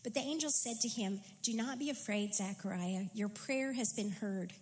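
A woman's voice: mid-range voice, normal speed, darkish tone, rough recording. A woman reading scripture and preaching a sermon in an earnest, reflective way.

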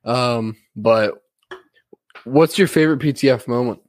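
Male host, slow and halting delivery, lots of ums, dry close sound. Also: mid-range voice, dry recording. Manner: hesitant, many ums, unhurried. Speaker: podcast host and interviewer. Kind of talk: casual interview questions.

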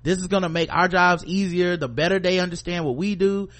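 A man hosting a podcast tells a long work story in an easy, casual way. He throws in quoted voices of coworkers and swears freely. His voice sits a little higher than most men's. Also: fairly even intonation, brisk, fairly bright tone. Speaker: podcast co-host.

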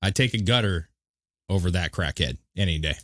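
A man with a very deep voice co-hosting a casual podcast, talking quickly with teasing jokes and plenty of swearing. The mic is dry and close. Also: lively intonation, fairly bright tone, no echo. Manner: joking, teasing, swears freely. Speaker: podcast co-host.

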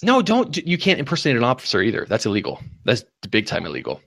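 A man with a gravelly voice whose pitch swings all over as he talks. He teases and coaches in quick bursts, cursing casually. His voice sounds close and dry. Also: huge pitch swings, a bit bright, no echo. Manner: rapid, profane, teasing. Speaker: host. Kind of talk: casual chat.

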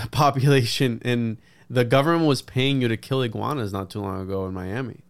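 A man with a mid-range voice banters on a podcast as a co-host. He teases the others and throws in quick jokes. His delivery stays casual throughout. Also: medium pitch, smooth. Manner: teasing, jokey banter.

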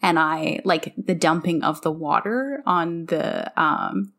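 A woman's voice: sits low, slow, fairly bright tone. A woman from Canada co-hosting a casual book discussion, chatty and often searching for words with lots of fillers. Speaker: book club podcast co-host.

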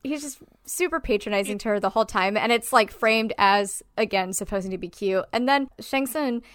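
A woman's voice: medium pitch, brisk, a bit bright, dry recording, studio quality. A woman in casual podcast chat, critiquing a film bluntly, swearing freely and filling her talk with "like". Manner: blunt, swears freely, many "like" fillers, acts out quotes.

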